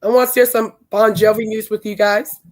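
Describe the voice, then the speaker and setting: Hoarse woman, podcast host, casual chat, emphatic, average pitch. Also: little pitch movement, a little fast. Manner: chatty, emphatic and indignant. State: hoarse from singing.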